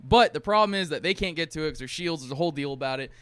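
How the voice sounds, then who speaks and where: A man's voice: fairly high pitch, animated, very fast, a bit bright, clear, resonant tone, no room sound. A man hosting a podcast, casually retelling a movie plot with lots of swearing and laughter. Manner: profane, laughing storyteller. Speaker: podcast host.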